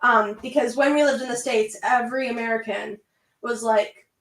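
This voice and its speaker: A woman's voice: on the high side, steady tone, roomy sound, far from the mic. A young woman in her late teens with a Canadian accent, talking in a chatty, giggly way as a guest on a casual video chat. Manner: chatty and giggly, quick with asides.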